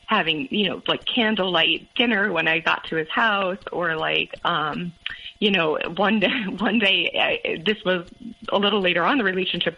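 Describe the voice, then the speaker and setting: A woman's voice: fairly low pitch, sharp tone. Woman telling her story, muffled audio. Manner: halting, many fillers and restarts. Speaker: guest. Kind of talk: personal story in interview.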